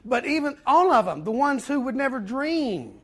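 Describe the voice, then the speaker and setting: A man giving a personal recovery talk to a fellowship meeting, telling his story earnestly with pauses and repeated words. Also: very high voice, very animated. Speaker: speaker at a twelve-step fellowship meeting.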